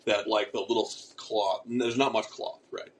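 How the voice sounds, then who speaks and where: A man's voice: fairly low pitch, steady tone, moderate pace, a little hiss or hum, poor audio. A man co-hosting a casual podcast, telling a rambling story with casual swearing and lots of restarts. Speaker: podcast co-host.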